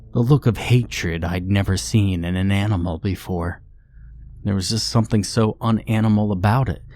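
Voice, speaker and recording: A man narrating a horror story in a steady, ominous storytelling manner. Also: low voice. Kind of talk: scripted narration.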